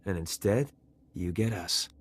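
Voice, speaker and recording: A man's voice: low voice, measured pace, a bit bright, husky, full character voice. An actor playing a proud, zealous male Jedi Knight in a video game, who speaks in a righteous, combative way.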